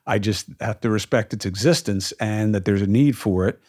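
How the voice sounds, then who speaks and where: Low-voiced man hosting a podcast. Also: moderate pace, a little mellow. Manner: emphatic, frequent fillers. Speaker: podcast host. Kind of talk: opinionated casual talk.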